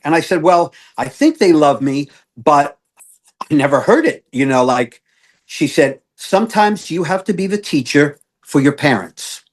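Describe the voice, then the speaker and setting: A man's voice: on the high side, sing-song, normal speed. A man, a guest coach, earnestly telling an emotional personal story with many fillers and restarts. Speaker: guest, self-awareness coach.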